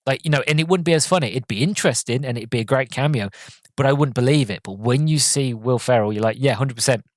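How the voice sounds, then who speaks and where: A man's voice: mid-range voice, fast talker, no room sound. A man hosting a casual solo review podcast, rambling and full of fillers. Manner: rambling, filler-heavy, frequent "sort of". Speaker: podcast host, film reviewer.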